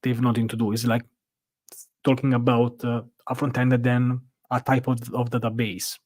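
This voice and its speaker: A man's voice: medium pitch, flat delivery, moderate pace, darkish tone, dry recording. Italian-accented man chatting on a live stream. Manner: rambling, answers chat questions with filler "uh"s. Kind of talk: casual live stream chat answering viewers. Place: hotel room.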